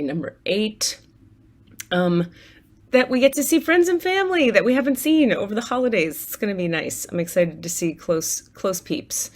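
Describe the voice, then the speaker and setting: A woman talking casually to her viewers from home, candid and chatty, swearing freely and laughing often as she leads a gratitude list. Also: mid-range voice. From United States. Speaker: spiritual coach and tarot reader. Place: apartment at home.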